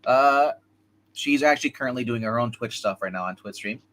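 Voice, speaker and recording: A man's voice: medium pitch, fairly quick, a bit bright, a little hiss or hum. A man co-hosting a casual comics livestream, rambling and opinionated as he chats with a co-host and viewers. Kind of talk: casual live-stream chat.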